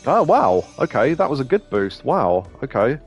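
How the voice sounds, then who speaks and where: A man's voice: medium pitch, big pitch swings, moderate pace, highs cut off, faint music behind. A man hosting a let's play, thinking aloud about choices and swearing freely. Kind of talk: casual gameplay commentary.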